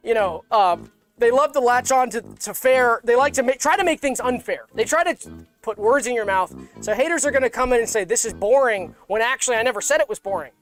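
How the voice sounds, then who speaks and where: A man co-hosting a comedy livestream, rambling in a mock-earnest deadpan and repeating himself. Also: extremely high pitch, brisk, faint music behind. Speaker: co-host.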